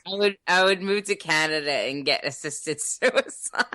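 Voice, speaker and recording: Low-voiced woman with crude humor. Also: measured pace, pushed and bright, no echo, clean studio sound. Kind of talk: casual chat.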